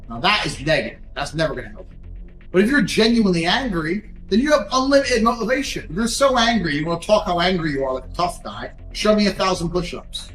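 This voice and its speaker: High-voiced man lecturing bluntly, echoey room. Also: animated, quick pace, faint music behind. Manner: forceful, profane, lecturing. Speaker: motivational speaker. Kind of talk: blunt motivational talk.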